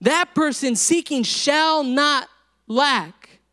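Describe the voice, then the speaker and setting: High-pitched guy preaching, punchy and emphatic, jokes with the crowd. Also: expressive, very slow, bright, forceful tone. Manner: dynamic preaching, rising to emphatic peaks, joking with the congregation. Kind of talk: sermon.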